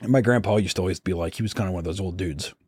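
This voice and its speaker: A man's voice: low voice, racing, a little mellow, breathy edge, no room sound. A young man co-hosting a podcast, chatting casually and acting out voices in his stories. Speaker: podcast co-host. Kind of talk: casual comedic chat.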